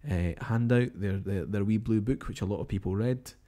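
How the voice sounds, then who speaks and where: His voice is on the low side and mellow, moving at normal speed, as this Scottish man hosts live overnight results coverage. He chats casually in radio style, musing and reading out tweets, updates and messages.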